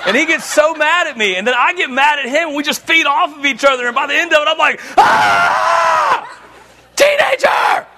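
A middle-aged man preaching a sermon, telling jokes and family stories with an animated delivery. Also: very high voice, fast talker, few pauses, raised voice, crowd noise, noisy background. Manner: animated, joking storyteller. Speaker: pastor.

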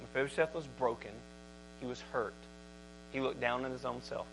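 A man preaching a sermon as pastor, shifting from conversational talk to loud, emphatic scripture reading. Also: mid-range voice, fairly even intonation, moderate pace, vocal fry, noisy background.

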